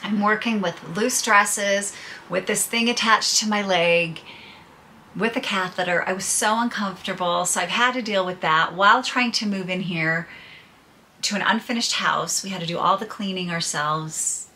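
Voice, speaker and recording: A woman's voice: mid-range voice, normal speed, sharp tone, a little hiss or hum. A middle-aged woman vlogging to her viewers, telling her personal troubles in a candid, chatty way and laughing through them. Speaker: podcaster and vlogger. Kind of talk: casual personal storytelling to viewers.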